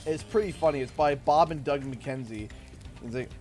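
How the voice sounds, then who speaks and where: A Canadian man live-streaming a game, excitable and thanking viewers over and over. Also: medium pitch, moderate pace, faint music behind. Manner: excitable, thanks donors warmly and often. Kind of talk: live gameplay stream chat.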